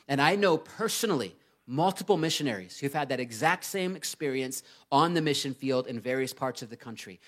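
A man in his thirties preaching a sermon, earnest and emphatic, rising to loud urgency and dropping low to read scripture. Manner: earnest and emphatic, swings between loud urgency and quiet reading. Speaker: pastor.

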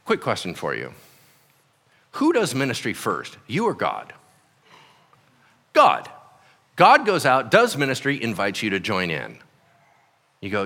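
A man's voice: lowish voice, measured pace, pauses often, in a large hall. A man preaching a sermon as pastor, acting out quotes in voices. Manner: animated, acts out quotes and voices. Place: church hall.

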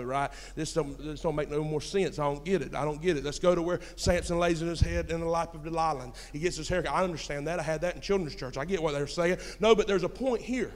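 A high-voiced young pastor with a drawl preaches in a church sanctuary. He tells folksy stories and swings between hushed asides and shouted points. A long hall reverb trails every phrase. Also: fast, few pauses. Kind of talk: sermon.

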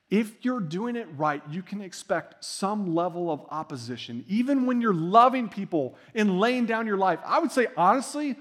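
Guy preaching, high voice, super casual and animated. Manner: conversational, animated preaching with slang asides. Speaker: pastor. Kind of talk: sermon.

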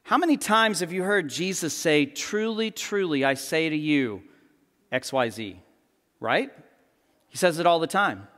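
A man preaching a sermon as pastor, telling stories with animated energy and acting out the quotes. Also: fairly high pitch, long reverb tail. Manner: animated storytelling, acts out quotes.

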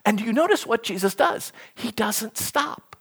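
A preacher delivering a sermon, telling stories in an animated way and acting out quoted speech. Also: medium pitch, moderate pace, slightly rough.

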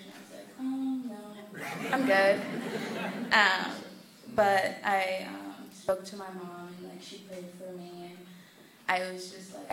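Hesitant young woman with a gravelly voice. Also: medium pitch. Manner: hesitant, many fillers. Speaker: church member sharing testimony. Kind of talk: personal testimony in church.

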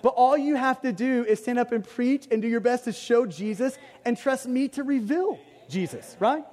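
A man's voice: very high-pitched, normal speed, darkish tone. A pastor preaching a conversational sermon. He jokes at his own expense and drives points home by repeating them. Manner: conversational, self-deprecating, emphatic repetition. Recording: long hall reverb.

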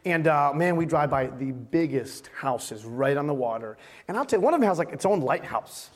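A man's voice: a little high, big pitch swings, fairly quick. A man in his thirties preaching a sermon as a pastor, casual and joking with his congregation.

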